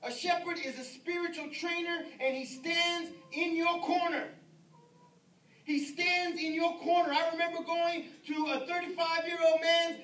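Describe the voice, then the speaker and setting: A man's voice: very high voice, flat delivery, measured pace, a bit bright. A man pastor preaching a sermon with an emphatic, repetitive cadence. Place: church sanctuary. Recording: roomy, distant mic with faint noise.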